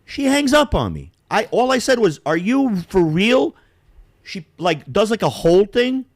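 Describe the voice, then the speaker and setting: A middle-aged man from Yugoslavia telling a long story in casual chat, animated and profane, acting out both sides of a phone call. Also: sits high, moderate pace, dry recording, studio quality. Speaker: podcast co-host.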